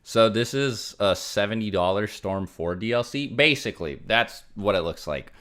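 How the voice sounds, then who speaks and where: A man's voice: lowish voice, lively intonation, moderate pace, fairly bright tone. A young man casually chatting on a livestream, rambling with many fillers as he reads out donations. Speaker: streamer.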